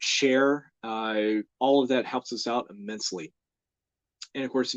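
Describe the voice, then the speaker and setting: An easygoing young man from the United States hosts his live art stream, rambling through casual chat with plenty of "uh"s and the odd chuckle. His voice sits at a middling pitch and is recorded close and dry, with no room sound at all. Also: no room sound, dull audio. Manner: rambling and easygoing, with many fillers and soft laughs. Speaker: host of a live drawing stream.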